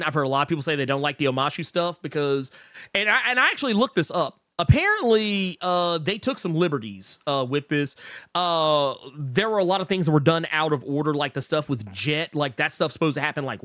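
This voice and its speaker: Animated, stammering man on a podcast. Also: a little high, brisk, dry recording, clean studio sound. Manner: stammering restarts, animated, reads viewer comments. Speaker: podcast co-host. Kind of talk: casual chat.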